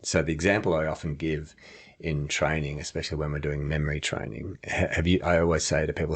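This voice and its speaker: A man's voice: a bass voice, steady tone, fast, husky. A man chatting on a podcast, explaining his ideas through acted-out examples and laughing often. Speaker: podcast co-host and memory trainer. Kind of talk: casual podcast chat.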